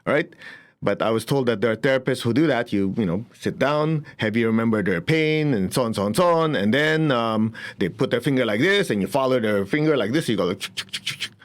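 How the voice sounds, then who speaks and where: A man giving a spiritual teaching talk in a middle-pitched voice. He tells stories in an animated way, chuckles often and slips into the voices of the people he quotes. His pitch stays in a typical male range. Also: brisk.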